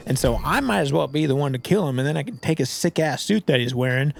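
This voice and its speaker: A man's voice: fairly high pitch, lively intonation, fast talker, vocal fry, slight background noise. A young man giving casual gameplay commentary, rambling and saying "like" a lot. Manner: rambling, heavy use of "like". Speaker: gaming video creator.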